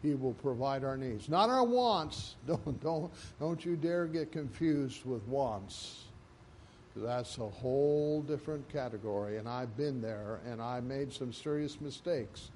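A man's voice: mid-range voice, darkish tone, a little hiss or hum. A man preaching a sermon, emphatic, building up in volume on repeated phrases. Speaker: pastor.

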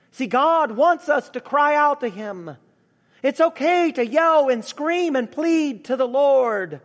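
A man's voice: very high-pitched, lively intonation, slow, in a large hall. A man preaching a sermon in an earnest, emphatic way, reading scripture and speaking of grief and love. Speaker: pastor.

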